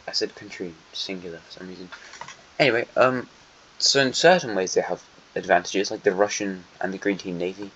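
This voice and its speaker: Man, casual map commentary, rambling, self-correcting, wry, low-pitched, dull lo-fi recording. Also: slight background noise. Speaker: host. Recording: dull lo-fi sound.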